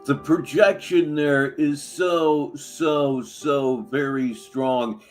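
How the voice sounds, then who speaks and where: A man's voice: a little high, steady tone, extremely slow, faint music behind. A man hosting a live stream, commenting sarcastically on clips between chats with viewers. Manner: sarcastic, mocking asides. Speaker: livestream host.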